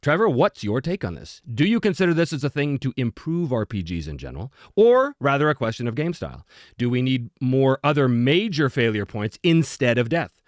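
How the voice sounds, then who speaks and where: A man hosting a live stream Q&A, chatty and animated, with self-deprecating humor. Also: mid-range voice, fairly quick, dry recording, studio quality. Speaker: host.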